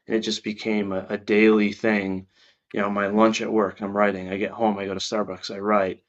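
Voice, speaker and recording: A man, an author being interviewed, telling his story in an earnest, reflective way with halting restarts. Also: lowish voice, fairly bright tone, muffled recording. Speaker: author guest. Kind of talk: interview answers.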